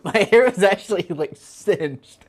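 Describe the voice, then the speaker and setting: A woman's voice: mid-range voice, animated, unhurried. Giggly young woman telling a story. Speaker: show co-host. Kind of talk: casual chat.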